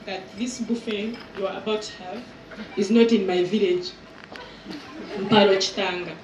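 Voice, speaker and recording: A woman in her thirties doing live stand-up crowd work as event host, teasing and exaggerating in an animated way. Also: mid-range voice, normal speed, noisy background. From Uganda. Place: outdoor resort event with audience. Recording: echoey venue sound from far off.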